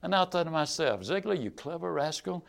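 A man's voice: a little high, lively intonation, brisk, gravelly. An older man, a sales trainer telling a humorous story in a folksy, dramatic way.

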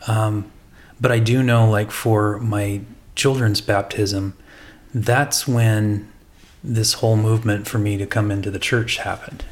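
Low-voiced man, reflective podcast co-host. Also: fairly even intonation. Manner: reflective, halting with restarts. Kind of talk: casual discussion.

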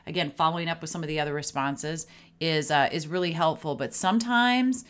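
A woman's voice: low voice, lively intonation, fairly quick, smooth. A middle-aged woman hosting a parenting podcast, talking casually and acting out sample phrases for parents to say to their kids. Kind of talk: casual advice monologue.

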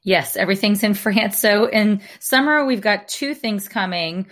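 A woman's voice: medium pitch, moderate pace, fairly bright tone. A woman from Alabama, co-hosting a casual podcast chat, chatty and self-deprecating, laughing easily. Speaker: podcast co-host.

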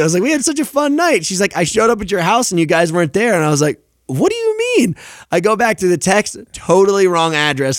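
A young man tells stories on a podcast, his voice sitting a little high. He's animated, swears freely and acts out what everyone said. The sound is dry and close. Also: no room sound. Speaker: podcast guest. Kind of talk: casual storytelling chat.

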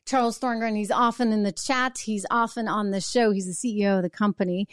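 A woman's voice: mid-range voice, fairly even intonation, a little fast, no room sound, studio quality. A woman hosting her own show, delivering an emphatic political commentary monologue full of rhetorical asides. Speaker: show host.

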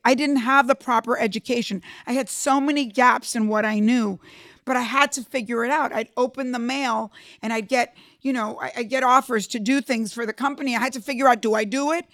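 A woman's voice: a little high, no echo, studio quality. A woman entrepreneur telling her own story in an emphatic, emotional way, often speaking straight to the listener. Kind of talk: personal storytelling talk.

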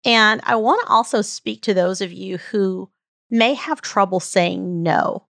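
A woman's voice: medium pitch, unhurried, gravelly, a bit bright, no echo, studio quality. A woman hosting a podcast, telling a personal story in an earnest, heartfelt, reflective way. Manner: earnest, heartfelt, tells stories at length. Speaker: podcast host.

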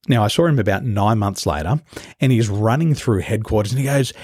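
A man's voice: mid-range voice, quick pace, a little mellow, breathy edge, no room sound, studio quality. A man who is a business coach, telling stories as a guest in an interview and acting out the voices of the people he quotes. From Australia. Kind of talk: storytelling interview.

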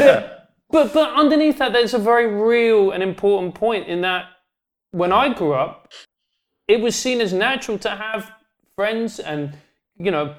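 A man, a podcast guest in animated, joking casual chat. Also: high voice. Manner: animated, joking, rambling with restarts.

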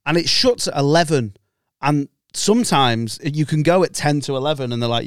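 Man, casual podcast co-host, smooth clear tone, dry close recording. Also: on the high side, animated, normal speed, no echo. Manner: laid-back, rambling, laughs often. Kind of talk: casual banter.

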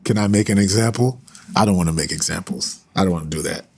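Husky male preacher on a livestream, fervent, repeats lines for emphasis. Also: low voice, fast talker. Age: adult with sons.

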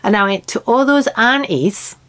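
A woman with a Glasgow accent, a band singer guest, telling a lively anecdote in casual chat, swearing freely and laughing as she talks. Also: on the high side, moderate pace. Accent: Scottish (Glasgow). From Glasgow, Scotland.

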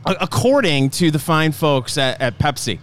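A man's voice: a little high, sing-song, moderate pace. A man co-hosting a food and drink talk show, answering dryly and with good humor. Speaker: co-host.

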